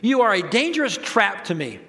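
A man's voice: high voice, sing-song, moderate pace, pushed and bright, big-room sound, full character voice. A man voicing a stern male spiritual teacher who firmly rebukes a follower. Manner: firm, rebuking.

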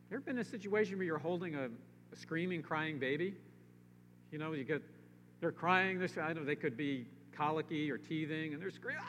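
Male pastor with a fairly high voice, preaching emphatically in a long-echo church with faint hum. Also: normal speed, a bit bright. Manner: emphatic, rising to pleading rhetorical questions. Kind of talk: sermon.

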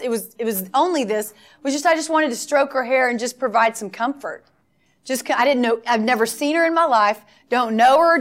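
A woman's voice: fairly high pitch, fairly bright tone. A middle-aged woman preaching a sermon, telling stories and acting out the dialogue with emphatic repetition.

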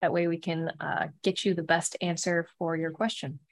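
A woman co-hosting a casual podcast, upbeat and quick to laugh. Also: on the low side, steady tone. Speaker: podcast co-host.

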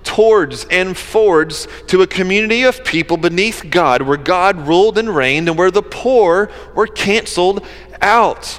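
An earnest male preacher with a slightly raised pitch, talking through his sermon in a conversational way with casual asides. His voice carries a long reverb, as in a large hall. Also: lively intonation, unhurried, fairly bright tone.

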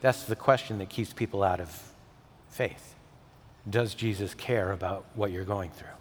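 A man's voice: low-pitched, unhurried. Man preaching in a reverberant church. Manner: dynamic preaching, rising to emphatic peaks and dropping to soft, intimate tones. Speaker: pastor. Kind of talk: sermon. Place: church sanctuary. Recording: long hall reverb.

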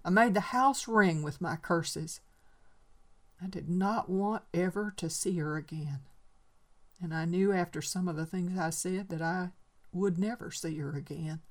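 A woman's voice: on the low side, a little slow, natural voice. A woman voicing a lonely old man making a desperate, bitter confession, in a raised and emphatic voice. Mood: furious.

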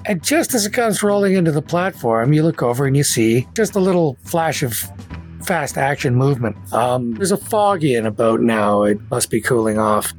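A man runs a tabletop game, setting scenes in a relaxed, rambling way with plenty of fillers. His voice sits mid-range for a man. Soft music plays beneath him. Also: medium pitch, moderate pace. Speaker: game master.

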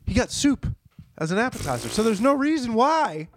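Profane, animated male storyteller. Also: very high voice, moderate pace, a little hiss or hum. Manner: profane, animated, acts out quotes. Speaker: restaurant server telling a story. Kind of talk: casual comedic storytelling.

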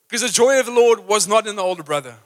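A man preaching an energetic, rousing live sermon in a church, acting out his examples. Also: high voice, racing. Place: church auditorium. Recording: live church hall reverb.

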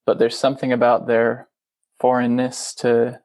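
A man's voice: mid-range voice, monotone, unhurried, darkish tone. A male student in a class discussion, hesitant and searching for his words.

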